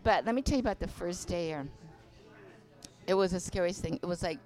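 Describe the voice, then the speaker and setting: A woman's voice: lowish voice, brisk. Older woman telling wild stories in a bar. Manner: animated storyteller, swears freely, acts out voices. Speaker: interview guest, veteran dancer. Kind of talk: casual storytelling interview. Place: inside a bar venue. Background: faint music.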